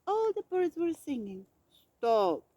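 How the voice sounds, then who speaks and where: Storybook narrator, woman; unhurried, expressive, mellow, dry slightly dull recording. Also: high voice, no echo. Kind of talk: storybook read-aloud.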